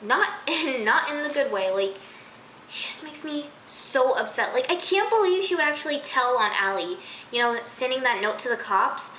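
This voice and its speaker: A woman's voice: high voice, lively intonation, moderate pace, pushed and bright, slight background noise. A woman giving a casual, exasperated vlog review of a TV episode, chatty and full of fillers. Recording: roomy echo.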